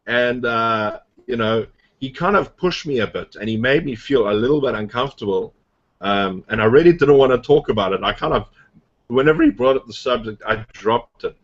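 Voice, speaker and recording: A man's voice: mid-range voice, animated, a little fast, fairly bright tone, dull audio. A man casually coaching a group about his online business, rambling with lots of fillers and restarts. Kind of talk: casual motivational talk on a group video call.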